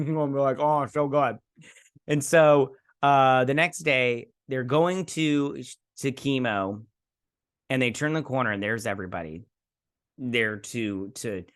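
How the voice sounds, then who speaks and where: A man's voice: medium pitch, a bit bright. A man casually recapping and reviewing a TV episode, acting out the characters' lines and rambling with lots of fillers and restarts. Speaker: show reviewer.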